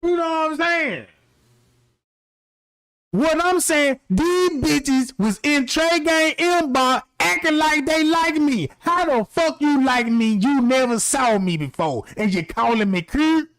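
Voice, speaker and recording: High, lively man ranting with a country voice. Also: takes it slowly, dry recording. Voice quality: country-sounding voice. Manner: brash, profane, animated. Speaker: livestream host. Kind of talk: casual ranting commentary.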